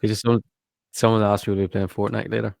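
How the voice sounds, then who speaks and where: Deep gravelly young man. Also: flat delivery, darkish tone, dry recording, studio quality. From Ireland. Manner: measured, informative, with hesitations. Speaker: podcast co-host. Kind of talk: casual podcast chat.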